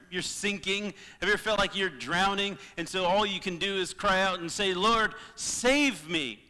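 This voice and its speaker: A man preaching a sermon as pastor, impassioned, swinging between loud appeals and hushed moments. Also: high voice, big-room sound. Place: church sanctuary.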